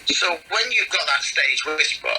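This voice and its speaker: A man, a comedian, telling backstage stories in a lively way and acting out what others said. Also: a little high, a little slow, a little hiss or hum, low-quality recording. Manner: lively storyteller acting out quotes. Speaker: comedian guest. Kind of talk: casual anecdote telling.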